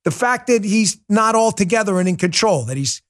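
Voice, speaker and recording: High-voiced sarcastic male talk show host. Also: lively intonation, brisk, fairly bright tone. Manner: sarcastic, mocking, speaks to live chat. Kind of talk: animated political commentary.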